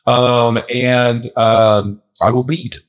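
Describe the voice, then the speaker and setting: A man co-hosting a podcast in casual chat, animated and laughing often, slipping into joke accents. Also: medium pitch, drawn-out words, clear, resonant tone, dull audio. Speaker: podcast co-host.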